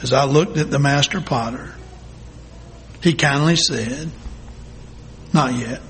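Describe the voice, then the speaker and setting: A male pastor telling a story in a sermon, reading slowly and deliberately with dramatic pauses. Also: a little high, a bit bright, slight background noise. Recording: long hall reverb.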